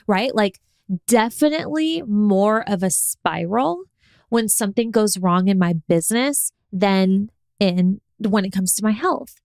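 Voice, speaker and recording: A young woman hosting a podcast, coaching listeners in a chatty, animated way and acting out her own inner thoughts. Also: medium pitch, a little slow, gravelly, no room sound. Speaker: podcast host. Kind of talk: casual coaching monologue.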